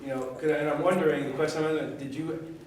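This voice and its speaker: A man's voice: fairly high pitch, steady tone, very fast, darkish tone, a little hiss or hum. Distant man asking a question in an echoey room. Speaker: audience member. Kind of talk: question from the audience. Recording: far from the mic in a very echoey room.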